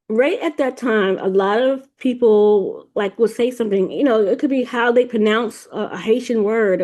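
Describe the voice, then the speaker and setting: Mellow-voiced woman telling a spiritual story. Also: on the high side. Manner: rambling, repeats words, many restarts. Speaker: podcast host. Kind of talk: casual spiritual storytelling monologue.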